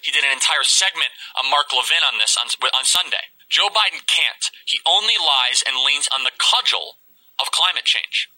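Bright, sharp-voiced man giving emphatic political commentary. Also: fairly high pitch, expressive, normal speed, rough recording. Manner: emphatic, rhetorical delivery of rehearsed lines.

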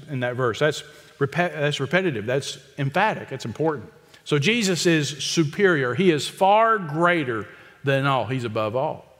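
A man preaching an expository sermon, emphatic and repetitive, with quick asides to the congregation. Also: on the high side, a bit bright, long reverb tail. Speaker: pastor.

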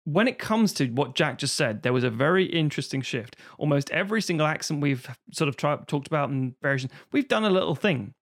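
A man's voice: on the high side, animated, fairly quick, few pauses. A man co-hosting a casual podcast, stammering into his points and swearing now and then. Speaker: podcast co-host. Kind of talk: casual chat.

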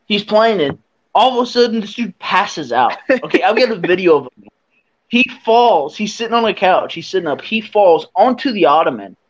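A young man, the podcast host, telling a drinking story in a casual, animated way and laughing as he acts out what people said. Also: high-pitched, moderate pace. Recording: dull lo-fi sound.

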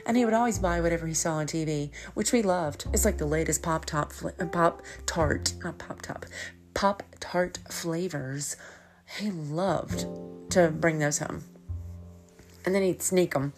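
A middle-aged woman, hosting a podcast and telling rambling stories with frequent laughs. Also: on the low side. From American South. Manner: chatty, rambling, laughs often. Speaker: podcast host. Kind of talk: casual storytelling monologue.

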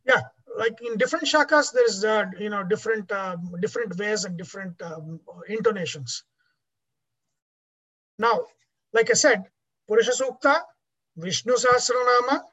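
A woman's voice: on the high side, a bit bright, slightly rough, lo-fi sound. A woman teaching a class on Vedic chanting, explaining patiently with many fillers.

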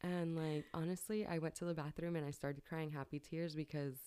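In a low, dark, steady voice, a young woman tells a personal story at a fairly quick clip, candid and swearing often, laughing easily as she chats. The recording is clean, close and dry, with no echo or room sound at all.

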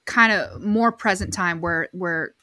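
A woman's voice: on the low side, measured pace, pushed and bright, no echo, studio quality. A woman with a Southern US accent, co-hosting a podcast and chatting casually as she recaps a documentary. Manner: chatty, storytelling, frequent agreeing fillers. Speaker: podcast co-host.

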